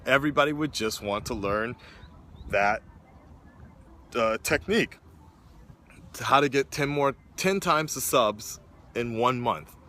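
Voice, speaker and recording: A young man streams or vlogs from a hotel room, delivering a rambling, profane, meandering casual monologue to his viewers with frequent restarts. His medium-pitched voice sounds pushed and bright, moving at a slow pace with long pauses.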